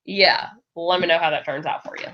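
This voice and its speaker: A woman's voice: fairly low pitch, fairly even intonation, moderate pace, pushed and bright. A woman giving a motivational talk to her sales team, laughing often and acting out the voices she quotes. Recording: dull lo-fi recording.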